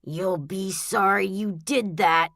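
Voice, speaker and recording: A high, gravelly-edged voice for a mischievous boy twin, put on by a woman narrator. He taunts and sulks with a lively, swooping delivery, recorded dry and close for a storybook. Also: normal speed, dry recording. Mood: taunting. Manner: taunting, scheming.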